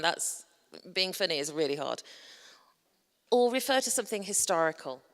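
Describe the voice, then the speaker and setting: A woman with a Yorkshire accent giving a chatty, humorous talk on public speaking to a conference audience. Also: medium pitch. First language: English. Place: large conference hall. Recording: long reverb of a large hall.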